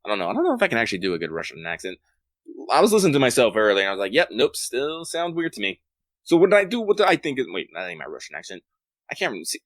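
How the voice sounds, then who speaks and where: A man co-hosting a podcast, telling rambling stories in a quick, casual chat. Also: lowish voice, wildly swooping pitch, fairly bright tone, no room sound. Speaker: podcast co-host.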